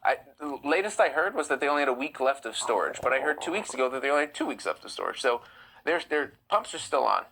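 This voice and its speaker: A man's voice: medium pitch, big pitch swings, fast, creaky, crowd noise, rough recording. A man hosting a live stream, reading chat comments aloud and answering them bluntly. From United States. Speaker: livestream host.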